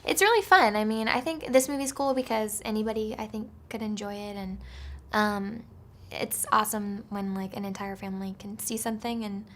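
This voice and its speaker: A woman's voice: mid-range voice, steady tone, normal speed, slight background noise. A woman being interviewed about her voice acting, talking casually with lots of fillers. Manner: chatty, full of fillers like "like" and "um". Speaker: actress interviewed about voice work.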